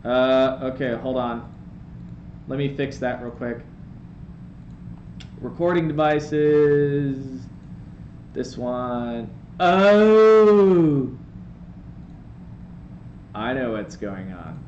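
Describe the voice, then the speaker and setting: A man streaming a game from home on a desk microphone, telling a rambling, animated anecdote with playful asides. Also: mid-range voice, takes it slowly, long pauses, muffled recording. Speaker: live streamer. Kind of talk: casual storytelling while gaming on stream. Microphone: desk microphone, swapped in for the day. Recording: roomy sound with faint background noise.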